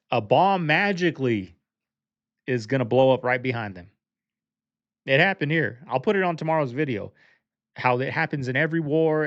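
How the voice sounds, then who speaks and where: Gravelly-voiced man ranting to viewers. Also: on the high side. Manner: rhetorical, fired-up, addresses viewers as y'all. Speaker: reaction video host. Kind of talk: casual commentary. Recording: dull lo-fi, dry close sound.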